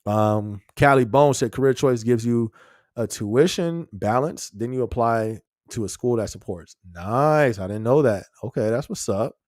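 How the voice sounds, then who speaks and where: A man's voice: mid-range voice, unhurried, a little mellow, no echo, studio quality. Laid-back man chatting on a live stream. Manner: laid-back, chuckles often, slangy. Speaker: podcast host. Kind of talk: casual live-stream chat.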